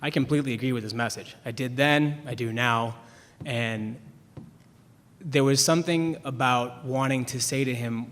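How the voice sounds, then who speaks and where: Young male panelist, mid pitch, loose self-mocking storyteller, reverberant hall. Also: normal speed, fairly bright tone. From Chicago, US. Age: young adult. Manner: rambling, self-deprecating, restarts often, laughs at himself. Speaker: writer on a panel. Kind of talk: anecdotal storytelling. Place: event hall with an audience.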